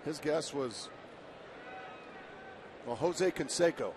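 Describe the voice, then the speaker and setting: A man's voice: fairly high pitch, lively intonation, slow pace, background noise. A man giving color commentary on a baseball broadcast in easygoing, conversational banter. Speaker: color analyst.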